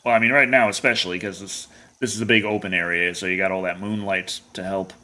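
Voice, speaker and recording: A man's voice: deep voice, steady tone, quick pace, pushed and bright. A young adult man streaming a hunting game, rambling and jokey in casual commentary.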